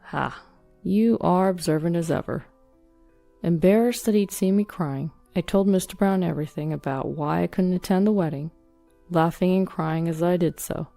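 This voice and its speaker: A woman reading a first-person story as scripted narration, in an even, plain manner. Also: lowish voice, normal speed, vocal fry, no room sound. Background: soft background music.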